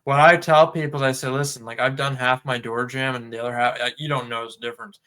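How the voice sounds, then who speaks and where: A man's voice: medium pitch, quick pace. A man co-hosting a casual podcast, talking loosely with many fillers and acting out customer conversations. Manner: relaxed, lots of filler words, acts out customer dialogue. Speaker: podcast co-host.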